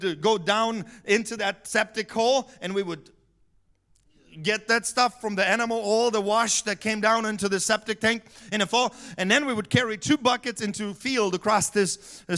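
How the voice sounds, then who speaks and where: A male pastor preaching in a church, his voice sitting high and ringing bright. He tells a story in an animated way, bursting into shouts for emphasis and laughing often as he goes. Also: moderate pace. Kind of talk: storytelling sermon. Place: church sanctuary.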